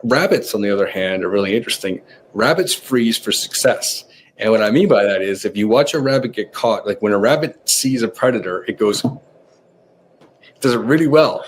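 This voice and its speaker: A man with a voice on the low side speaks fairly quickly as a podcast guest, an author on nervous system training. His casual, conversational explanations come with animated, acted-out examples, and there's a little hiss or hum.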